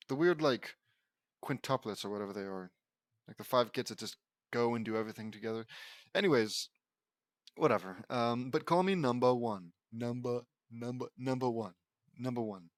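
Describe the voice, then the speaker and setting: A man's voice: mid-range voice, no echo. A man reading aloud in a dry, close voice. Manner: stumbling, rambling asides with restarts. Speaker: audiobook reader. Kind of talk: reading fan fiction aloud with commentary.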